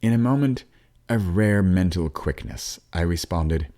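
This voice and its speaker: Man, extremely low voice, audiobook narrator, wry storyteller, sometimes whispers. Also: expressive, a little slow. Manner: warm storytelling with dry asides. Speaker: narrator and father.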